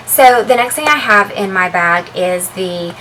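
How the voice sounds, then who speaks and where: Chatty woman with a bright voice. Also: medium pitch, measured pace, a little hiss or hum, poor audio. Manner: chatty, relaxed, with frequent ums and uhs. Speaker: beauty and handbag vlogger. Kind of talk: casual show-and-tell vlog.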